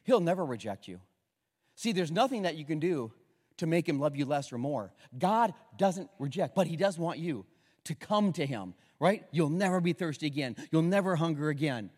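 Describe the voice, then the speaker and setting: A man preaching a sermon, joking and swinging from hushed to loud, in an echoey church hall. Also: fairly high pitch, lively intonation, moderate pace. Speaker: pastor.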